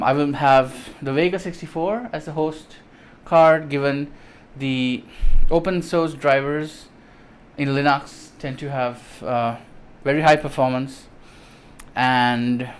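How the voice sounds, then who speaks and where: A man vlogging an unboxing of computer parts in enthusiastic, rambling casual chat, with many ums and restarts. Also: medium pitch. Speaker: tech vlogger.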